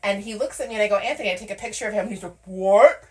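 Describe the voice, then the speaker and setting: A young woman telling a story in casual chat, animated and laughing as she acts out quotes. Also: mid-range voice, racing.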